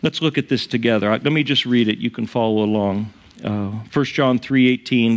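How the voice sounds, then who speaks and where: A male pastor preaching a sermon in church, tearful and emotional, his voice rising high on emphatic lines. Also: moderate pace.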